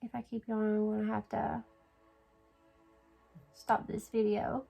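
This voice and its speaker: Sleepy chatty woman with a gravelly voice. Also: on the high side, little pitch movement, a little slow, warm tone, soft background music, rough recording. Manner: chatty, yawning, apologetic, laughs often. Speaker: beauty vlogger. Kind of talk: casual makeup tutorial chat.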